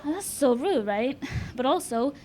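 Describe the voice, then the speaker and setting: A young woman from Lithuania doing a live stand-up set in a comedy club, with deadpan, self-mocking delivery and laughs at her own jokes. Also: sits high, normal speed, a faint crowd, slight background noise.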